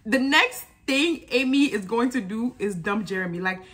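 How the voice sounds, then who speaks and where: A woman's voice: on the high side, lively intonation, normal speed, fairly bright tone. A woman giving a casual, chatty recap of a reality dating show, addressing her viewers directly and laughing often. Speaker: YouTube reality TV reviewer.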